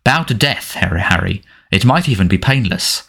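A man reading aloud, voicing a cruel male voice that taunts calmly. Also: fairly low pitch, moderate pace, gravelly, slightly rough, full character voice. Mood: taunting. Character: cold, cruel male voice inside the head.

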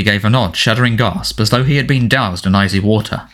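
A man narrating a storybook in an expressive, dramatic reading style. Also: on the low side, fairly quick, few pauses. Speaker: audiobook narrator.

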